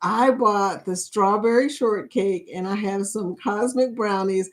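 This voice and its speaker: Lady hosting a chat stream, slow easy talk, giggling all the time, reading out viewer comments. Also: mid-range voice. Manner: giggly, keeps breaking into laughter; reads viewer comments aloud. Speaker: host of a creator chat stream. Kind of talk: casual livestream chat.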